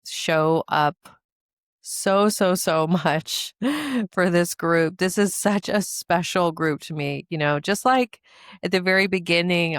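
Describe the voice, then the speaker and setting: Earnest woman coach, smooth lowish voice. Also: a bit bright, no echo, studio quality. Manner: earnest, emotional, repeats words for emphasis. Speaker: podcast host and coach. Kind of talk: heartfelt promotional monologue.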